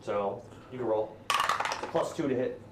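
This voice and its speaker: A man's voice: medium pitch, slow pace. A man running a tabletop game as game master, narrating in a loose, hesitant way. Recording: roomy, distant mic with faint hiss.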